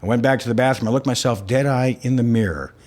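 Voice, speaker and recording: A man's voice: mid-range voice, fast. An older man, an actor being interviewed, telling stories about his life and acting out the dialogue in them. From snowy northern region of the country. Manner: animated storyteller, acts out quoted dialogue. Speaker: guest, actor. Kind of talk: interview storytelling.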